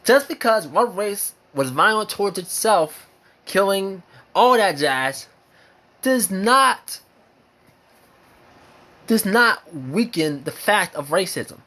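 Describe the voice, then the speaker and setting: High-voiced man ranting slowly. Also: expressive, bright, forceful tone. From United States. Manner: emphatic and repetitive, hammering points with repeated phrases and swearing. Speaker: vlogger sharing opinions. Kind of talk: impassioned opinion monologue.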